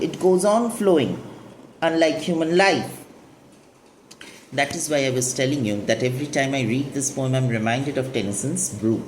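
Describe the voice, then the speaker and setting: A woman's voice: sits low, normal speed, darkish tone, a little hiss or hum. A woman teaching a poetry lesson, explaining the lines and asking and answering her own questions. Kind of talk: literature lesson explaining a poem.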